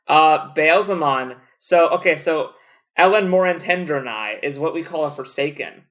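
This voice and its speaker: A man's voice: fairly high pitch, moderate pace, fairly bright tone. A young man co-hosting a podcast, rambling through a book recap in a casual, joking chat with a lot of swearing. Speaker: podcast co-host.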